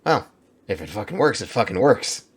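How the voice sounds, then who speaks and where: A man's voice: on the low side, very animated, normal speed, husky. A man hosting a reaction video, talking casually, thinking aloud and swearing freely as he comments.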